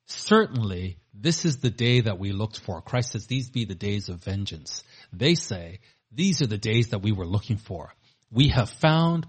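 A man's voice: on the low side, a little mellow, slightly rough. A man preaching a sermon, reading scripture aloud with rising force between plainer commentary.

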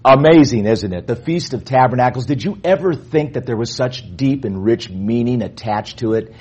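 A man's voice: mid-range voice, expressive, normal speed, darkish tone, dull audio. A man hosting a religious TV program, talking earnestly and at length with a few restarts. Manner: earnest, wordy, with repeated restarts. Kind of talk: broadcast religious talk with viewer appeal.

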